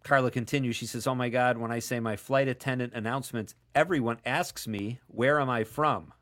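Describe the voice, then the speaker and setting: A man's voice: medium pitch, steady tone, fairly quick, fairly bright tone. A man hosting a casual call-in radio show, chatting and joking as he reads listener texts aloud.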